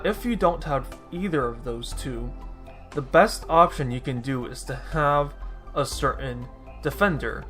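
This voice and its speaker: A gaming YouTuber with a medium-pitched, slightly bright voice offers casual, rambling commentary over his own gameplay. He often corrects himself and drops dry, sarcastic asides.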